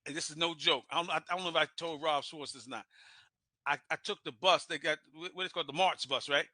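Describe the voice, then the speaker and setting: A man from Brooklyn, telling a rowdy story with laughs and shouted asides. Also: on the high side, fairly even intonation, quick pace, no echo. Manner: loud, laughing, acts out voices, swears freely. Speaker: guest storyteller. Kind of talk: animated storytelling.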